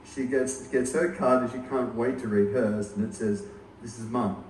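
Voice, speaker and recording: A man's voice: mid-range voice, fairly even intonation, normal speed, a little mellow, slight background noise. A man in his forties giving a eulogy, telling humorous family anecdotes. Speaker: eulogist, eldest son. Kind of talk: funeral eulogy. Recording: echoey hall from far off.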